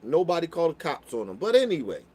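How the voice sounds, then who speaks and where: A young man telling a story in casual chat, profane and animated, getting loud when riled up. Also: fairly high pitch, fast talker, breathy edge. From Baltimore.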